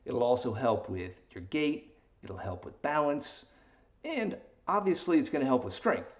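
A man's voice: mid-range voice, sing-song, a little slow, muffled recording. A man hosting a fitness vlog in a casual, jokey way, hamming it up in a silly put-on accent.

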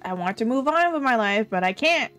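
A woman streaming a game live, chatting casually with her viewers and reacting out loud to the game. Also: a little high, expressive, a little fast, faint music behind. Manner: chatty, reads chat, bursts into loud frustrated yelps.

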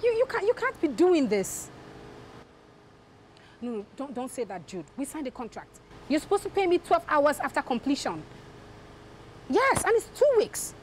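An actress with a Nigerian accent playing a hot-tempered wife and businesswoman who demands payment from a friend, her voice jumping from sharp outbursts to low murmurs. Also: lively intonation, a little hiss or hum, natural voice. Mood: angry demanding. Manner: sharp, demanding, quick to rise then drop to a low murmur.

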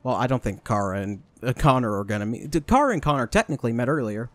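A man's voice: medium pitch, animated, fast talker, hardly any pauses, no room sound. A young man doing let's play commentary, joking and talking to the characters on screen. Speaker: gaming YouTuber.

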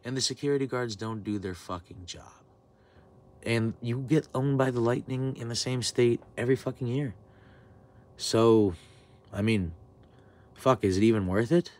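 A man's voice: medium pitch, normal speed, pauses often, a little mellow. A man in his twenties telling a heated, profane story in a vlog rant. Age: 20s. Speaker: vlogger. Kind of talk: ranting storytime.

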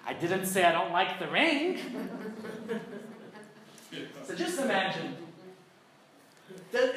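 Echoey rabbi teaching a class. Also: male voice, high-pitched, fairly bright tone, a little hiss or hum. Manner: asks the class rhetorical questions, tells jokes. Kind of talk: conversational Torah class. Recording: very echoey room, mic far off.

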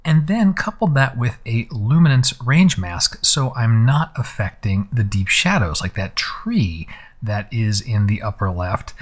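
A man in a mid-pitched voice talks through a photo editing tutorial over a screen recording. His delivery is relaxed and conversational, with the occasional filler as he explains each step. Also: a little slow. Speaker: photography instructor.

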